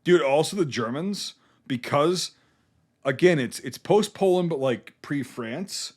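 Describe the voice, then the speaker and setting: Casual podcast guy, swears a lot, pitch bouncing all over. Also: animated, a little slow, a little mellow. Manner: rambling, teasing, heavy swearing. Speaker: podcast co-host. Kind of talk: casual profane movie chat.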